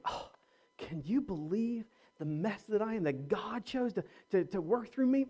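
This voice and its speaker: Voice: medium pitch, expressive, normal speed. A pastor preaching a sermon, emphatic, repeating words and restarting phrases, and asking the congregation rhetorical questions. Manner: swings from quiet asides to near-shouting.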